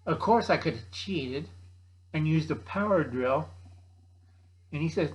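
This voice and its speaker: Gruff joking man in his sixties. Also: lively intonation, a little slow, pauses often. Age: 60s. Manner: gruff, blunt, jokey, calls himself by name; acts out other people's voices in a higher pitch. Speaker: channel host. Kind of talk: casual rambling chat.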